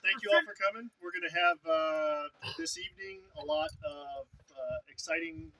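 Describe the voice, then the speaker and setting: A man's voice: a little high, normal speed, bright, forceful tone, poor audio. A man casually announcing the evening's activities at an outdoor event, hesitating with "uh".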